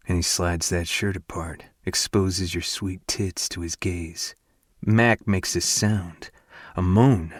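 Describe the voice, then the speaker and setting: A man narrating a first-person romance audiobook in an intimate, hushed and breathy way. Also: low voice, steady tone, slow, dry recording, clean studio sound.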